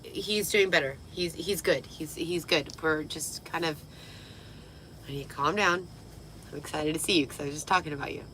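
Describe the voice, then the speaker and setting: A giggly, excitable woman chats on a livestream from inside a parked vehicle, tipsy and swearing freely, with a slightly worn, lost voice. Her voice sits a bit low but has a bright, forceful edge. A faint hum of noise runs underneath. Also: normal speed, poor audio. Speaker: livestream host. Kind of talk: tipsy casual livestream chat.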